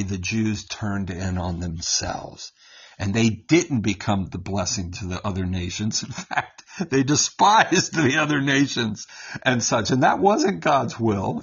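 A man with a slightly husky voice walks his co-hosts through a Bible passage, animated and chatty. He keeps checking in with "right?" and laughs as he goes, sitting at a middling pitch. The recording is muffled and lo-fi. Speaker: Bible teacher on a talk show. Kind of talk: conversational Bible teaching.

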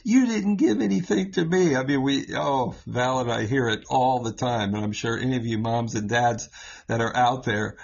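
Husky-voiced male Bible teacher, easygoing and step by step; dull, lo-fi sound. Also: mid-range voice, level tone, normal speed. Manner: explains step by step, keeps asking "right?". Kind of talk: conversational scripture teaching.

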